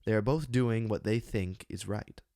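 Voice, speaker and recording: A man reading his own essay on a classic play, measured and deliberate, with slow emphatic pauses, close to a studio microphone. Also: fairly low pitch, mellow, dry recording. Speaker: channel host giving a literary analysis.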